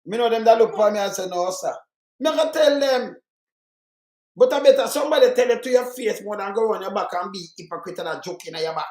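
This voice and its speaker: Older man, Jamaican accent, high voice, blunt emphatic chat, echoey room. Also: animated, quick pace, darkish tone. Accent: Jamaican Patois. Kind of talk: casual chat.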